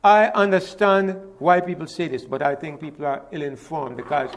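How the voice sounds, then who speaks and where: A man's voice: fairly high pitch, steady tone, normal speed, slight background noise. A middle-aged man from Jamaica, talking in a conversational monologue, emphatic and repeating words as he builds a point. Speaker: interviewee.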